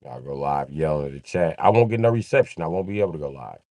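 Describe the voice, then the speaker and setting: A man's voice: extremely low pitch, animated, fast, mellow, no room sound, clean studio sound. A man rambling casually and joking on a livestream, swearing freely and laughing often.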